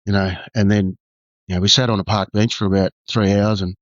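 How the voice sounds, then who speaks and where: Low-voiced Australian man, halting storyteller. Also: little pitch movement, no room sound, highs cut off. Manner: halting, full of "you know" and restarts. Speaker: guest, former undercover detective. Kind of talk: candid storytelling.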